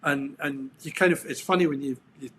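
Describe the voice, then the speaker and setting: A man's voice: a little high, steady tone, a little fast, a bit bright, slight background noise. A middle-aged Scottish man, a podcast guest, telling stories in a reflective, rambling way with frequent restarts and ums. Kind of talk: casual interview chat.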